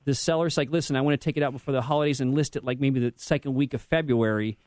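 A man's voice: medium pitch, fairly even intonation, fast, a little mellow, no room sound. Rambling male realtor, dry studio sound. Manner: rambling, many restarts and self-corrections. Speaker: realtor guest. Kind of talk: radio interview advice.

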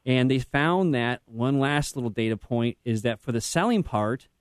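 A man's voice: medium pitch, lively intonation, normal speed, clear, resonant tone, no echo. A man speaking as a realtor guest on a radio show, giving advice in a rambling way with many restarts.

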